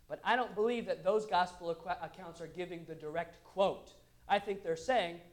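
Male pastor, high-pitched voice, animated sermon delivery with soft asides and big emphatic peaks. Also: moderate pace. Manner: animated, swinging from quiet asides to loud emphatic bursts.

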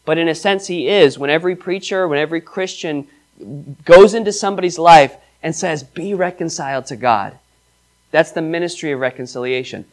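Emphatic preacher, man, slightly high voice. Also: a little fast. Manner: emphatic preaching, reads scripture aloud, asks congregation questions. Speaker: pastor. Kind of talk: sermon.

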